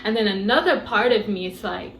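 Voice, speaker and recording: A woman giving a casual movie review, retelling scenes in an animated, incredulous way. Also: medium pitch, a little fast, reverberant, a little hiss or hum, rough recording.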